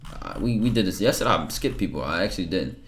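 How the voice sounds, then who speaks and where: A man's voice: low-pitched, animated, fast talker. A man casually reacting to viewer messages on a livestream, blunt and profane, lecturing his chat.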